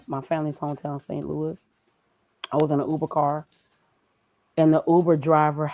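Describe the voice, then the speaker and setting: A woman's voice: low voice, no room sound. Woman giving emphatic, preachy advice. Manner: emphatic, preachy, talks through her own feelings. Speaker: guest, graphic designer. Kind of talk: casual motivational conversation.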